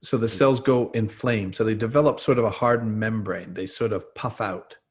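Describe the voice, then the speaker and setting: Man, interview guest, steady explanatory talk, everyday examples. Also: lowish voice, moderate pace. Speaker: guest expert on trauma.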